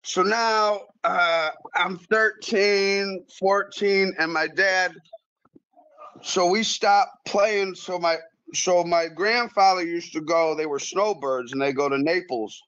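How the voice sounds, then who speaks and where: Man, high voice, casual storytelling, animated, swears a lot, dull lo-fi recording. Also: slow pace, smooth. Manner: animated, profane, repeats words. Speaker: guest pool player.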